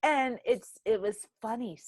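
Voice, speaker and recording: A woman's voice: a little high, measured pace, slightly rough, no echo. A young adult woman hosting a podcast, chatting casually and telling candid stories with frequent swearing. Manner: candid, profane, animated storytelling. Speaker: podcast host. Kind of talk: casual chat.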